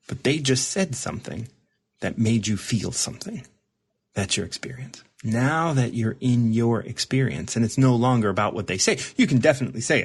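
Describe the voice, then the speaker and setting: Male recovery mentor, husky, conversational, reflective, stumbles and repeats as he explains. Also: medium pitch, lively intonation, brisk. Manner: repeats and restarts words while explaining. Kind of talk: casual reflective talk with a caller.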